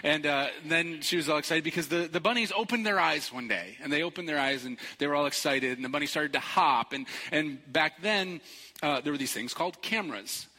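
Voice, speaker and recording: A middle-aged pastor telling a story in a relaxed sermon, joking and putting on squeaky excited voices. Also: male voice, a little fast. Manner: playful, animated storytelling with jokes and high-pitched quoted voices. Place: large church hall. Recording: long hall reverb.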